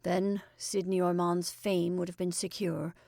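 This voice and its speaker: A woman's voice: fairly low pitch, level tone, measured pace, vocal fry, darkish tone, dry recording, clean studio sound. A woman doing a gleeful old stage actor. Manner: exuberant, rambling, confiding. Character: jolly middle-aged male stage actor, gleeful and chatty.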